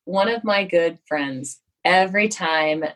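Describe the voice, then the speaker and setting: A woman's voice: lowish voice, slow, a bit bright, poor audio. A woman talking frankly and with self-deprecating humor, telling personal stories and acting out what she and others said. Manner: frank and self-deprecating, acts out her own quotes. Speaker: yoga studio guest. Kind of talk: candid conversational storytelling.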